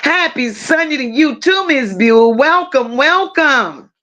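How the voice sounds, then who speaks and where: A woman's voice: sits high, lively intonation, slow pace, fairly bright tone. A woman hosting a livestream, greeting her viewers one by one with pet names like baby and boo. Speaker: livestream commentary host. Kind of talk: casual livestream chat. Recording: dull lo-fi livestream audio.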